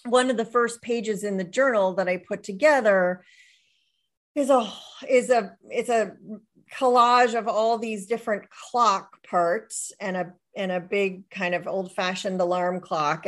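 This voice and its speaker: Woman, middle-aged, interview guest, reflective, restarts sentences, mid pitch. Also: steady tone, measured pace. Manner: warm, reflective, with frequent restarts and soft laughs. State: widowed. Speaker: author and guest. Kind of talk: casual interview talk.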